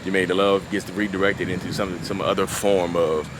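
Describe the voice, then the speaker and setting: Low and flat, a man speaks at a moderate pace while filming a casual beach vlog outdoors, traffic passing in the background. His unscripted monologue on his own narcissism wanders and repeats itself, peppered with "you know what I mean".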